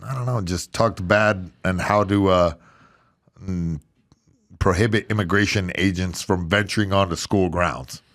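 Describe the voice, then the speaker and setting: A male co-host reads out news items in a low, steady voice. He delivers them casually, pausing on fillers and restarting his phrases. His manner stays unhurried and low-key. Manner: halting, filler-heavy reading. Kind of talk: casual talk-show news reading.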